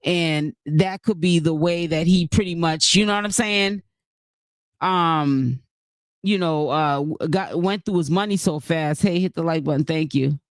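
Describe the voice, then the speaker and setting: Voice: medium pitch, a little slow, dry recording. Chatty live-stream host with a dry sound. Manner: chatty, greets viewers from the chat between points; rambling, with many fillers and restarts. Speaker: YouTube commentary host. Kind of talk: casual live-stream commentary.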